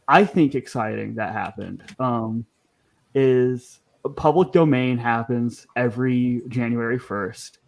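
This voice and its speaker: A man hosting a podcast, talking casually and chattily, with frequent ums and restarts. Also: mid-range voice. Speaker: podcast host.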